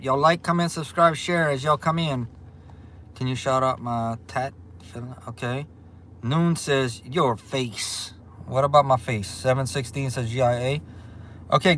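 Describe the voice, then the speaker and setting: A Louisiana man with a Southern accent hosts a livestream, chatting casually and reading viewer comments in a relaxed drawl. His voice is mid-range, with slight background noise.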